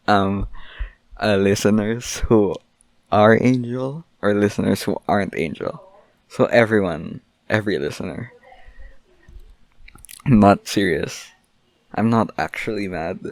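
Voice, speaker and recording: Young male podcast host, rambling mock-angry rant; unhurried, lower pitch. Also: no room sound. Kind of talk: solo casual podcast rant.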